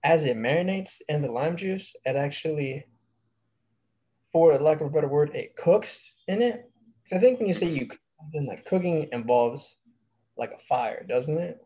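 Casual podcast co-host, husky male voice, rambling and slangy. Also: on the high side, lively intonation, normal speed, warm tone. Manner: rambling, laid-back, slangy. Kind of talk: casual chat.

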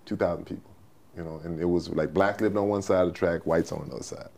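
Brief: man, 60s, very deep gravelly voice, folksy storyteller. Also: fairly even intonation, fast, a little mellow. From Texas, USA. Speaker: guest, former football player. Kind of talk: storytelling interview.

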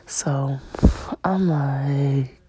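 A woman's voice: rumbling low, drawn-out words, very noisy. A young woman casually telling a personal story, slangy and blunt, often dropping to a whisper. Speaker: storyteller vlogger.

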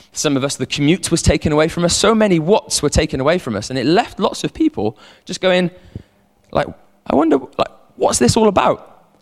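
A man preaching a sermon as a pastor, animated, repeating words and calling on the congregation to respond. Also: medium pitch. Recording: long hall reverb.

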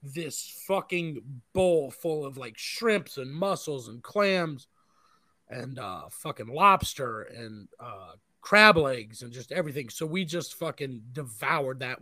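A man's voice: medium pitch, pushed and bright, no room sound, studio quality. A married man telling a long rambling story in casual chat, full of profanity and fillers.

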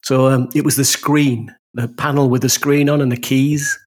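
A man's voice: medium pitch, level tone. A man with a northern English accent, telling stories in casual chat as podcast co-host. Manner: rambling storyteller, quick to laugh.

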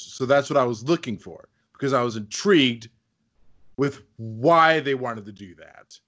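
A young man in casual chat, pausing often to search for his words. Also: mid-range voice, a bit bright. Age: young adult.

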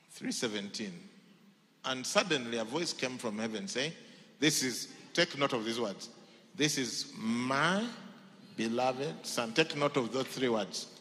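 A male pastor preaching a sermon, swinging between loud shouts and near whispers. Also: mid-range voice, animated, measured pace, pauses often, long reverb tail.

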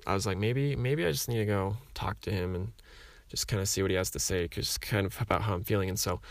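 A man's voice: lowish voice, fast talker, no room sound. A man in his twenties telling a personal story in a casual, rambling way, full of fillers and acted-out dialogue. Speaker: speaker sharing a personal story.

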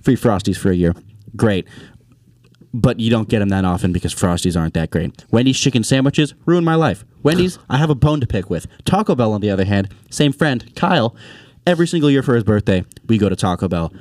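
A young man hosting a casual podcast chat, animated and swearing freely as he tells anecdotes. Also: fairly low pitch, a little fast, dry recording, clean studio sound. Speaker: podcast host.

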